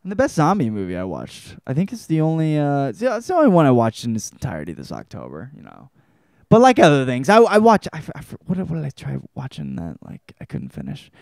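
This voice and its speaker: A young man hosting a casual solo show, rambling and swearing, with loud outbursts, tired and drinking beer. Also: a little high, huge pitch swings, quick pace, creaky, no room sound, clean studio sound. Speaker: host.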